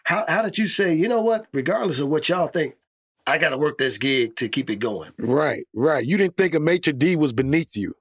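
A man's voice: a little high, animated, moderate pace, breathy edge. A man co-hosting a podcast, asking eager, stumbling questions in casual chat. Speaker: podcast co-host.

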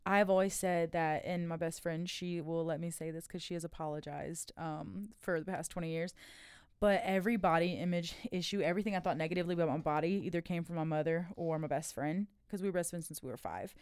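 A woman's voice: on the low side, clear, resonant tone, no echo, clean studio sound. A young adult woman, a podcast guest, telling personal stories candidly with lots of "like" and laughter. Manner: candid storytelling with frequent "like" and laughs. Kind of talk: casual podcast chat.

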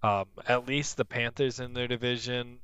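A man's voice: medium pitch, level tone, normal speed, a bit bright, clean tone, dry recording, dull audio. A man co-hosting a casual sports podcast, dropping wry, joking asides. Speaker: podcast co-host.

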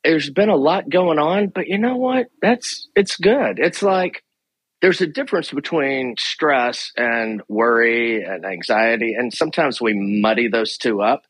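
A middle-aged man, a therapist, chatting casually and animatedly on a podcast, with lots of quick asides and restarts. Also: mid-range voice, expressive, a bit bright, husky, dry recording. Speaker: therapist guest.

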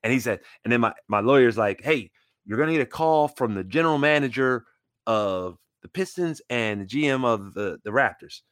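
Man in his forties, lively storyteller, voice leaps up and drops low as he acts out quotes, dry close sound. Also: normal speed, no echo. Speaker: retired basketball player storyteller. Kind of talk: animated storytelling.

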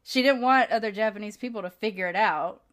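On a casual podcast, a woman host tells stories in a candid, animated way, cursing freely and laughing a lot. Her voice is medium-pitched and her pace is brisk.

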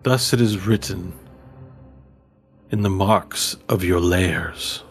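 A man voicing an ancient elder tree spirit, speaking slowly and solemnly in prophecy. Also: deep voice, slightly rough, faint music behind, heavily acted. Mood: ominous.

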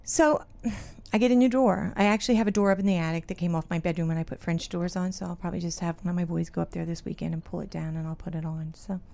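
A middle-aged woman hosting a casual talk show, telling stories with lively acted-out quotes. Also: on the low side, fast talker, gravelly. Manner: animated storyteller, acts out quotes with big laughs. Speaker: radio show host. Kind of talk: casual chat.

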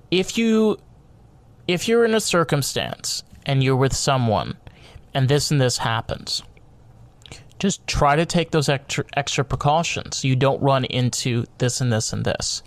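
A man with a somewhat high voice delivers a heated podcast monologue. He rambles, repeats himself and restarts his sentences, swearing freely as he pushes his point. The sound is close and dry, with no room echo. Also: animated, unhurried. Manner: grows loud and high-pitched when worked up. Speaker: podcast host.

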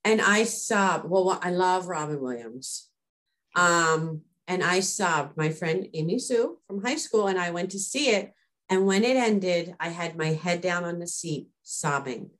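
A woman chatting casually and telling stories with lively, animated energy. Her voice sits a little lower than most women's. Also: unhurried. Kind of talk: casual chat.

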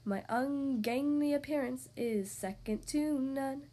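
A woman's voice: high voice, sing-song, moderate pace. A woman reading a rhyming children's picture book aloud in a playful, sing-song way. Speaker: storybook reader.

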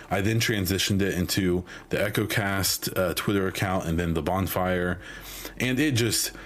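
A man with a very low voice talks through a solo podcast in loose, rambling chat, full of fillers and restarts. His voice is wearing thin as though he is losing it. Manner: rambling, many ums and restarts. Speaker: podcast host. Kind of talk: casual solo podcast talk.

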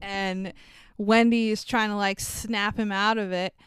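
A woman's voice: mid-range voice, little pitch movement, unhurried, smooth, no room sound, clean studio sound. A woman co-hosting a podcast, recapping a movie in a chatty, swearing, laughing way. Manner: chatty, swears, laughs often, acts out quotes. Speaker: podcast co-host.

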